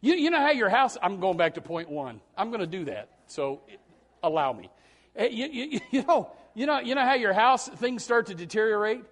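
A male pastor preaching a folksy, rambling sermon that swells into loud shouts. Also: high-pitched, sing-song, normal speed.

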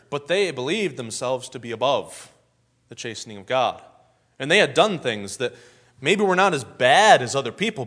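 A man's voice: on the high side, fairly bright tone, husky. A man preaching a sermon in a folksy storytelling way, acting out the scenes he describes.

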